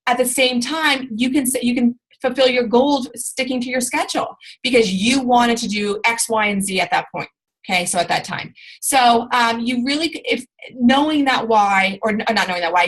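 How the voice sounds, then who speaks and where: A woman's voice: fairly high pitch, low-quality recording. A woman giving an informal training talk to her sales team, rambling along with lots of fillers and restarts.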